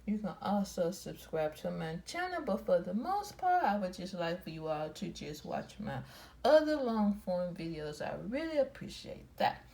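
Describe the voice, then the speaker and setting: A woman hosting a quilting vlog, casually showing her fabric pieces in a slow, rambling way and often repeating herself. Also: lowish voice, very animated, a little mellow, poor audio. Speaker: quilting channel host. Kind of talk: casual show-and-tell vlog.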